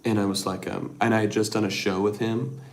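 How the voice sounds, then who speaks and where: A middle-aged man with a lowish, gravelly voice hosts a casual livestream, talking softly and rambling through viewer comments with plenty of ums and likes. A faint hiss of noise sits behind him. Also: little pitch movement, fairly quick. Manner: rambling, soft-spoken, with many fillers. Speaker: livestream host.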